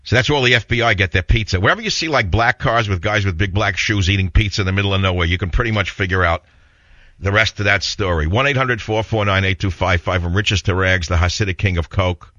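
A man's voice: lowish voice, a little fast, sharp tone, no room sound, highs cut off. A man with a New York accent hosting a talk radio show, combative and sarcastic in a rambling monologue.

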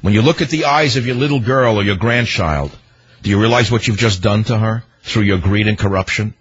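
A man's voice: fairly low pitch, a little fast, slightly rough. A man hosting a radio talk show, delivering indignant political commentary with rhetorical, hammering repetition. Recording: dull lo-fi radio broadcast.

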